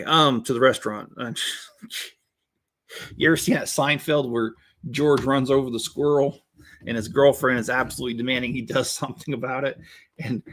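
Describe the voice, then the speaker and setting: A man's voice: mid-range voice, fairly bright tone. Chatty joking man in his fifties. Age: 50s. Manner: rambling and jokey, chuckles often. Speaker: host building LEGO sets while reading viewer chat. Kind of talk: casual live-stream chat.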